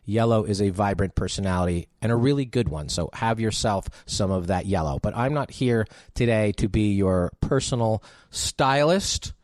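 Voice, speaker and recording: A man hosting a dating podcast on his own, chatty and animated, with jokey asides. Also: lowish voice, normal speed, dry recording, studio quality. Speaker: podcast host. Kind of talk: solo podcast monologue.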